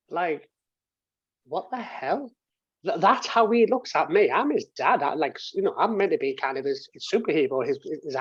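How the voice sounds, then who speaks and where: A man in his thirties, appearing as an interview guest over a video call from his home office and games room, tells a personal story in a casual, rambling way, restarting sentences and swearing. His voice is on the high side and husky. The recording is lo-fi with no echo.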